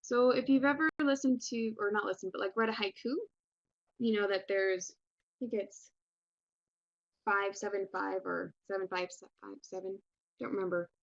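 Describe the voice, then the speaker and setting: A woman's voice: mid-range voice, steady tone, normal speed, vocal fry, no echo. A young woman teaches a recorded English class in a loose, chatty way, full of ums and restarts. Her voice sits in a middle range. The sound is dry and a little dull, like a basic computer mic. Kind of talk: recorded online class lesson.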